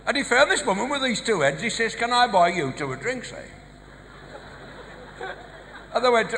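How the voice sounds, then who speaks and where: A man with a Black Country accent works through a stand-up set of one-liners and quick gag stories. His voice sits high and bright and moves around a lot. The sound carries a long hall reverb with faint noise underneath. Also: big pitch swings. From English West Midlands. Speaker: stand-up comedian. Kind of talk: live stand-up routine. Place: large live venue.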